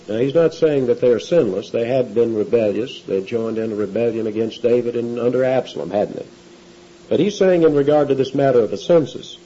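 A man's voice: medium pitch, brisk, dark tone, breathy edge, muffled recording. A male pastor preaching an expository sermon in a conversational way, often putting questions to his listeners. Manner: conversational, asks the audience questions.

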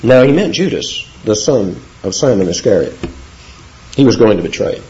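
A man preaching an expository sermon, animated, with wide swings of pitch for emphasis. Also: moderate pace, dull audio. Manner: animated, swoops in pitch for emphasis, laughs between points.

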